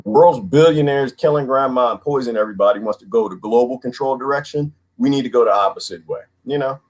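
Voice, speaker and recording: A middle-aged man hosts a casual livestream in a mid-range voice at a quick pace. Animated, he reads viewers' comments aloud and speaks directly to them.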